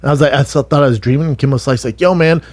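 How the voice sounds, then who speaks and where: A man's voice: mid-range voice, very fast, no echo. A man telling rambling, profane stories in a casual podcast chat. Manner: rambling, profane, animated storytelling with restarts. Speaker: podcast guest, former fighter.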